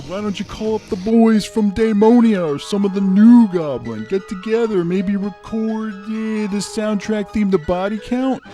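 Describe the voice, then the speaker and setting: A male host grumbles his way through a comic rant about cult films, his voice sarcastic and full of complaints. His pitch swings a lot. It sits a little high for a man. Soft music plays behind him. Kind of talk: comedic ranting review.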